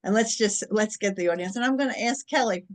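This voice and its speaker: A woman presenting an online training session, friendly and instructive, talking participants through an exercise over a video call. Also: mid-range voice. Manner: friendly, instructive, counts slowly. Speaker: webinar presenter. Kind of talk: guided breathing instruction in a webinar.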